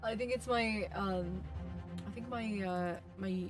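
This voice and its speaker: A woman's voice: medium pitch, slow pace, soft background music. A woman streamer in casual chat who talks through a voice changer filter, giggling often and rambling in a self-deprecating way.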